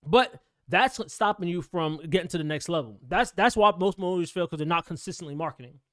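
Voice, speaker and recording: A man's voice: high-pitched, expressive, fast talker, fairly bright tone, no room sound, clean studio sound. A man coaching notaries in a blunt, ranting, motivational talk full of street slang.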